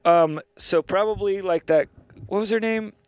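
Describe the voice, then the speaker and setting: Sex: man. Role: podcast host. Style: casual comedic chat. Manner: excitable, profane, rambling. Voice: fairly high, dry close sound. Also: normal speed, clean tone, no room sound.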